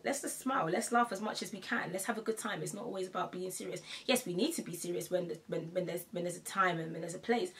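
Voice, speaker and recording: A woman's voice: mid-range voice, fairly bright tone, slight background noise. A young woman vlogging in a casual, chatty way, laughing often and repeating herself for emphasis. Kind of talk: casual to-camera chat.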